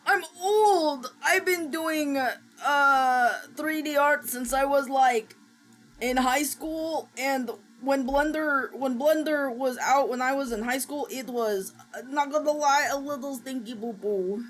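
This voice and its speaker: A woman streaming, chatting casually while she works and gasping and squealing with excitement as she greets viewers. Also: high voice, takes it slowly. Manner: excitable, gasps and squeals at new followers; chatty and self-mocking, talking while working. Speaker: VTuber streamer. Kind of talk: casual livestream chat. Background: faint background music.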